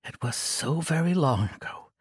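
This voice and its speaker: An eccentric old monk full of wonder and mischief, as a man puts him on. His voice is raised and rough with breath, and it leaps up and down in pitch. Dry and close. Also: expressive, moderate pace, dry recording. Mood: whimsical. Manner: playful, wondering, grandiose.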